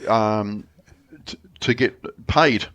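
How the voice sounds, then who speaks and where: A middle-aged Australian man chatting casually, telling a long story with many restarts and getting animated when he quotes people. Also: on the low side, drawn-out words. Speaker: friend sharing memories. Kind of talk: casual chat.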